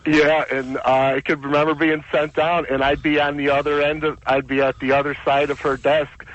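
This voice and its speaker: A man's voice: fairly high pitch, flat delivery, brisk, fairly bright tone, dry recording. A man calling in to a radio show, telling an amused school memory. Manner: amused, storytelling. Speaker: caller. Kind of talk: phone-in reminiscing. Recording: dull phone-line caller audio.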